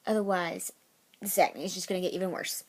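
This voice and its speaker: A woman's voice: on the low side, steady tone, brisk, a little mellow. A woman vlogging casual tips, chatty and rambling, often correcting herself mid-sentence. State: out of breath.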